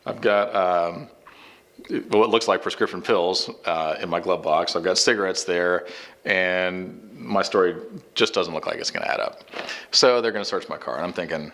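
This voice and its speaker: A middle-aged man with a fairly low voice tells a personal story in a loose, conversational way. He rambles and briefly mimics the people he quotes. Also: moderate pace, fairly bright tone. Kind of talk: casual anecdote.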